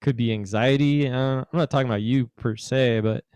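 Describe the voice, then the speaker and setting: A man's voice: medium pitch, fairly even intonation, a little fast, darkish tone, smooth, no room sound. A man hosting a casual podcast chat, teasing and rambling as he talks. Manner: teasing, rambling, puts on a joke British accent. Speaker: podcast host.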